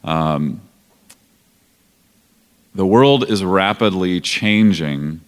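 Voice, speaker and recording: Deep-voiced man in a reverberant hall. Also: animated, extremely slow. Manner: earnest, reflective, with restarts. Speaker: panel speaker. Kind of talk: panel talk.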